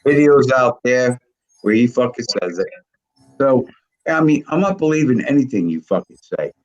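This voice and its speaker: A man in his sixties with a gravelly voice, rambling and swearing constantly in casual chat. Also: mid-range voice, lively intonation, moderate pace, lo-fi sound. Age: 60s. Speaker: video creator on a live call.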